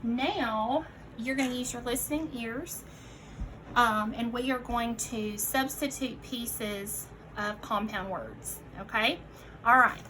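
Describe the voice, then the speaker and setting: A young woman teacher leading a recorded phonics lesson for children, giving slow, clearly enunciated prompts and calling her listeners friends. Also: fairly high pitch, sharp tone, a little hiss or hum, poor audio. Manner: encouraging, addresses listeners as friends.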